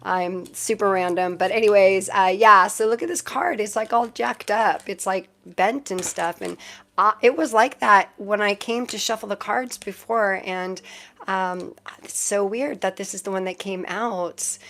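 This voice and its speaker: A woman's voice: medium pitch, a little slow, gravelly, fairly bright tone. A woman doing a casual tarot live stream, chatting in a rambling, random way to her viewers and laughing often.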